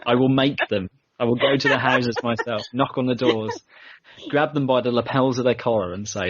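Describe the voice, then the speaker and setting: British male guest, husky voice, playful banter, dry lo-fi recording. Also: mid-range voice, normal speed, no room sound. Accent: British English. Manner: jokey, playful. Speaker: podcast guest. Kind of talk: casual podcast chat. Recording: dry, dull lo-fi sound.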